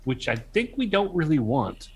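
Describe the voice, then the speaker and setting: A man's voice: a little high, sing-song. A man in a casual live chat who probes with questions and challenges points. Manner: probing, questioning, quick to challenge.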